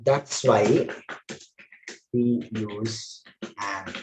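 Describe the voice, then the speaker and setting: A man's voice: lowish voice, extremely slow, darkish tone, a little hiss or hum. Indian man teaching in an echoey classroom. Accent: Indian English. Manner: explains patiently, repeats key words. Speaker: English trainer. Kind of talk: classroom lecture.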